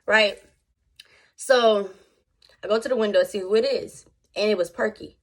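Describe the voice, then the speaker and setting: Young woman vlogger telling a storytime, slangy and animated, talks right to viewers. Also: medium pitch, moderate pace. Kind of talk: casual storytime.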